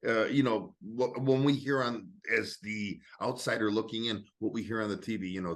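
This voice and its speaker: Lowish-voiced guy interviewing, rambly, lots of "i mean" and "you know". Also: moderate pace, hardly any pauses. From Italian-American family in Illinois. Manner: rambling, animated questions with many fillers. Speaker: interviewer, host. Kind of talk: casual interview conversation.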